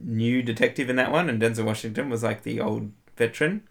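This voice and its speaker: A man's voice: medium pitch, fast talker, vocal fry. A man co-hosting a casual film podcast, easygoing and chuckling, with lots of "like" and "yeah". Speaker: podcast co-host.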